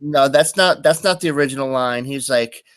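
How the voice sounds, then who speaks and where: A man's voice: medium pitch, normal speed, fairly bright tone, slight background noise. A man co-hosting a casual podcast, blunt and dismissive in his remarks.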